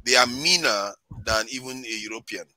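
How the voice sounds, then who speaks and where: A man's voice: medium pitch, normal speed, dry recording. A man from Nigeria with a Nigerian accent, telling stories in a casual panel chat and laughing often. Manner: laughs often, animated storytelling.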